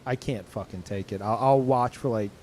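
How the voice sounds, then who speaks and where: A young man streaming games, tired and low on energy, rambling in casual chat with lots of swearing, ums and restarts. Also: moderate pace, mellow, a little hiss or hum. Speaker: game streamer.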